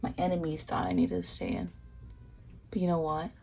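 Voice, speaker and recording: A woman's voice: lowish voice, very animated, moderate pace, vocal fry, a little mellow, slightly rough, soft background music. Earnest young woman giving a tarot reading. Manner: earnest, encouraging, repeats herself with restarts. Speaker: tarot reader. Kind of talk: pick-a-card tarot reading.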